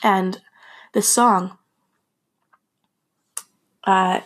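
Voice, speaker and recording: A young woman shares a personal story in a loose, candid podcast style. She is emotional and unfiltered, cursing now and then and circling back on her own sentences. Her voice sits at an ordinary middle pitch. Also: steady tone, extremely slow, a bit bright. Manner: candid and emotional, with laughs, swearing and frequent restarts.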